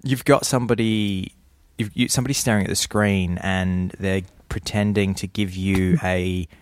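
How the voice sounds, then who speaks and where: A man in casual conversation, acting out quoted voices in a hushed whisper. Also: deep voice, fairly even intonation, moderate pace. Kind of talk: casual chat.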